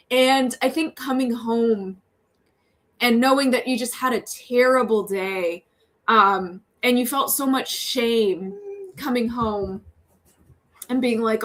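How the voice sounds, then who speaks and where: A woman's voice: fairly high pitch, slow, fairly bright tone. A young woman, a TV news reporter, talking earnestly as a podcast guest, chatty, with frequent laughs and fillers. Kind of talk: casual interview talk.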